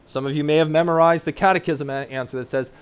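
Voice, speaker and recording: A male pastor delivers a sermon in an earnest, teaching tone, his voice pitched fairly high for a man. He leans on fillers and rhetorical "right?" tags, and slows down to unpack big words for the children listening. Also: fairly even intonation, clear, resonant tone. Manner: explains terms plainly for children in the congregation.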